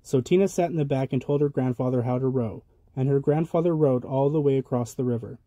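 Mellow man reading a children's story. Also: mid-range voice, brisk, dry recording. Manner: lively, rhythmic sound words. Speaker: storybook reader. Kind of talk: children's storybook read-aloud.

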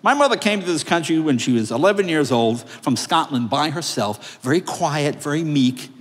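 A man in his sixties accepting an award on a large theater stage, telling comic stories in an animated, jokey way. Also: fairly high pitch, normal speed. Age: 60s. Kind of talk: stand-up storytelling. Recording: long reverb of a large theater.

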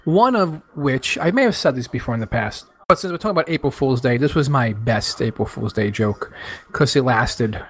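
A man in his thirties from New York, co-hosting a podcast and telling a long story with lively acted-out quotes. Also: medium pitch, normal speed, breathy edge. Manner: animated, acts out quoted friends in raised voices. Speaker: podcast co-host. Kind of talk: casual storytelling chat.

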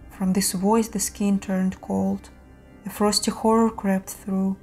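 Mellow woman narrating horror stories. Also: mid-range voice, little pitch movement, slow, soft background music. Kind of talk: scripted horror story narration.

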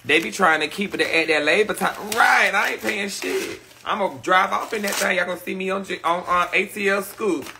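A man's voice: high-pitched, brisk, gravelly, hardly any pauses, noisy background. A man hosting a live stream, chatting casually with viewers in a brash, profane, gossipy way while he vents his frustrations. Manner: frustrated, ranting. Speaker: livestream host. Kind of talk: casual livestream chat. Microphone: phone or webcam on a live stream.

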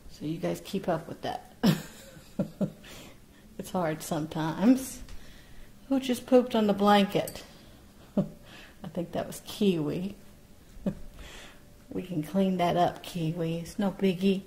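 A woman parrot breeder talking casually about her baby birds and gently coaxing them with sing-song encouragement. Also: lowish voice. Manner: slow, gentle, coaxing, with frequent laughs. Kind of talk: casual vlog narration and baby-talk to birds.

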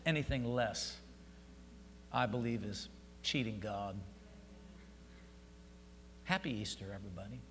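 A male pastor preaching an Easter sermon, building from quiet, close talk to loud shouted passages, with a congregation answering. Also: lowish voice, unhurried, long pauses, big-room sound, heavy background noise. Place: church sanctuary.

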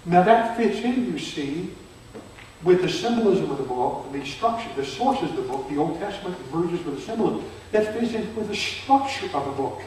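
Older teacher in an echoey church. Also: male voice, high-pitched, expressive, normal speed. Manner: conversational, asks the audience questions, grows loud and emphatic. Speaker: seminary professor leading a church seminar. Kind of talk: Bible seminar lecture. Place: church hall. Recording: very echoey hall from far off, faint noise.

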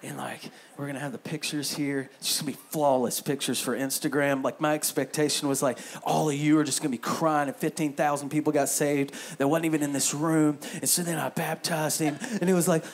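A man's voice: fairly high pitch, level tone, a little fast, hardly any pauses. A man in his thirties preaching a sermon as pastor in a church, joking and acting out inner voices. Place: church sanctuary.

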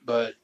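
A middle-aged man telling true stories from home in a casual chat, with dry, deadpan joking asides. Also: dull audio.

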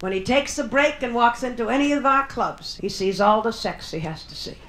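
A woman's voice: fairly high pitch, lively intonation, fairly quick, a bit bright. A woman stand-up comedian doing a bawdy, brassy live routine, punchy and drawn out for the crowd. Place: nightclub stage. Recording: echoey live club recording with audience. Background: audience laughter.

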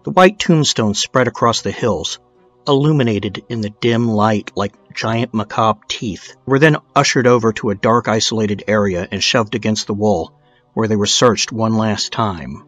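A man's voice: on the low side, normal speed, fairly bright tone, soft background music. A man narrating a true-crime documentary in a casual storytelling way, dropping in blunt, swearing asides.

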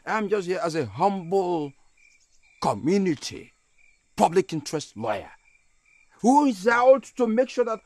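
An actor playing a self-important community lawyer, pompous and sarcastic. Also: male voice, sits high, big pitch swings, measured pace, long pauses, darkish tone, no room sound.

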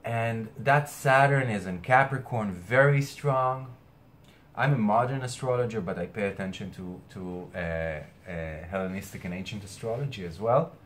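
A man with a somewhat low voice delivers an earnest weekly astrology message. He hesitates and repeats words as he searches for them. Something seems caught in his throat. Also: moderate pace, fairly bright tone. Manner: earnest, hesitant, with many restarts and fillers. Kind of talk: weekly spiritual message to camera.

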